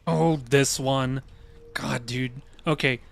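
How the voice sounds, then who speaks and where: A man's voice: mid-range voice, steady tone, slow pace, gravelly. A man commenting casually on a live game stream, talking to his chat. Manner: chatty, laughing, talks to chat.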